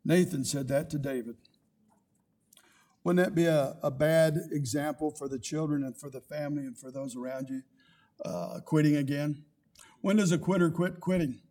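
A man's voice: on the high side, normal speed, warm tone. An older man, a pastor, preaching a sermon with rising emphasis and quoted scripture.

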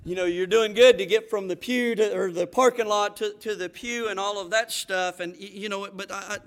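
A man's voice: high voice, steady tone, normal speed. A man with a Southern accent from the Florida panhandle, preaching a fervent sermon as a pastor, with many restarts and rising exhortations.

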